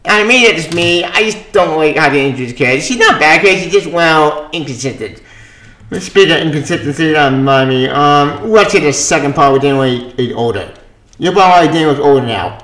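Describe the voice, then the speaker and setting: A man with a somewhat high voice talks his way through a comic book review in a loose, rambling manner. He sounds exasperated and swears freely. The room around him has a noticeable echo. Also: expressive, moderate pace, fairly bright tone. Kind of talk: casual spoken review.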